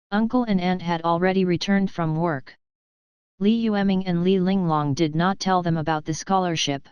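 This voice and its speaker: A woman narrating a novel audiobook in a steady, even reading on a close mic. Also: lowish voice, clean tone, dry recording. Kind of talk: scripted narration.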